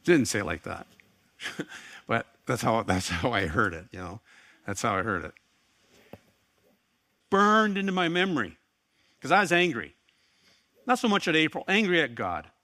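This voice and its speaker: Bright-voiced man preaching. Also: mid-range voice, big pitch swings, normal speed, pauses often, dry recording. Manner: earnest storytelling with wry asides and laughs. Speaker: pastor. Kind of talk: sermon.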